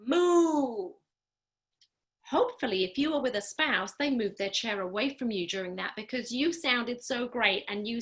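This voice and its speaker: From home during a live online program, a female speech-language pathologist leads a group through voice exercises over a video call. Her slightly high voice is bright and forceful, and her delivery is clear, deliberate, and instructive, upbeat and encouraging as she guides everyone.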